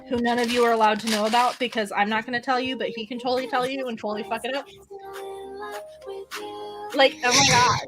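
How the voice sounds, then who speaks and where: A young American woman streaming live, chatting playfully and swearing freely. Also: fairly high pitch. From United States. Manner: animated, playful and swearing, with sudden squeals. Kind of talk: casual live-stream chat.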